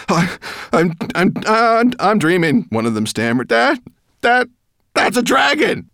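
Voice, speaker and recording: A male audiobook narrator reads in a deep voice that rises and falls with great expression. He tells the story dramatically, recorded close and dry. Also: dry recording. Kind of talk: scripted narration.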